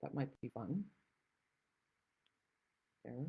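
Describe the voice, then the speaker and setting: A woman's voice: a bass voice, expressive, very slow, gravelly, husky, phone-quality sound. A woman from the Netherlands hosting a card-making tutorial, chatting with rambling, self-deprecating asides. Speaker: craft demonstrator and channel host.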